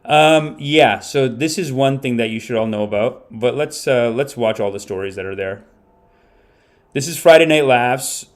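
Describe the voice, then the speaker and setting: A man hosting a casual comedy podcast stream, rambling and animated, with the odd curse. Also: mid-range voice, moderate pace. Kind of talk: casual livestream commentary.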